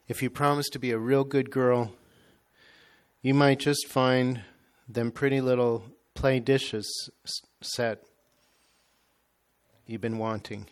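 A man's voice: mid-range voice, lightly acted. A man reading a story aloud, voicing a poor, tired mother with plain homespun speech. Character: poor, weary young mother, stern then tender.

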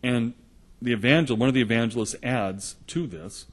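Male preacher, husky timbre, earnest storytelling sermon delivery. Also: medium pitch, moderate pace. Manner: earnest storytelling, retelling gospel scenes in the present tense.

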